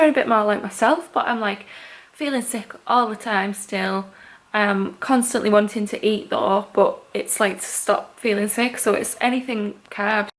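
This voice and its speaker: A woman chatting casually to camera in a vlog, emotional and quick to laugh, with lots of "like"s. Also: mid-range voice, slight background noise. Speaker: vlogger.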